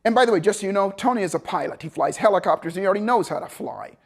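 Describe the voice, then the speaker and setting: A man speaking as a motivational speaker in a storytelling seminar talk, animated and acting out the people he quotes. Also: sits high, very fast.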